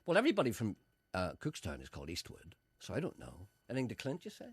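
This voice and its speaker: A man riffs on a radio show with sardonic, rambling, mock-grand flair. His low voice swoops through a wide range, and the studio sound is dry and close. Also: huge pitch swings, quick pace, breathy edge, no echo. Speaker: radio presenter. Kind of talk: comic radio monologue and banter.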